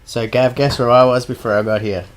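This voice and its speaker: A man with an Australian accent, co-hosting a casual podcast and telling stories in a sweary, animated way. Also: mid-range voice, fairly quick. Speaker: podcast co-host. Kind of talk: casual chat.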